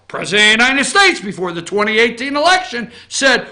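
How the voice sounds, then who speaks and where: A man hosting a morning opinion show, ranting about politics and swinging between loud outraged shouts and low muttered asides. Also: sing-song, fairly quick, few pauses.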